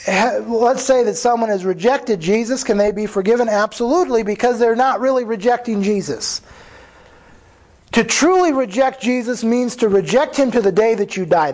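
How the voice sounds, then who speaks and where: A man with a notably high voice delivers a sermon as a pastor. He speaks earnestly and conversationally, restarting phrases and voicing the words of others as he explains scripture. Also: a little mellow, poor audio. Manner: earnest preaching with restarts and quoted dialogue.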